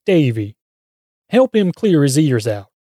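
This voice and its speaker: A menacing male thug who taunts his victim in a sing-song lilt, greedy and cruel, played by a man. His voice is dark and mellow, set in a dry, close audio drama. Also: a little high, sing-song, slow pace, no echo, full character voice. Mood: taunting.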